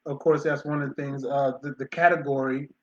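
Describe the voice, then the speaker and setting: A man's voice: mid-range voice, flat delivery, fairly quick, a little mellow. Rambling man in an echoey room. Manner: rambling, with fillers and restarts. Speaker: co-host of a movie review show. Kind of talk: casual movie review chat. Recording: dull lo-fi sound in an echoey room.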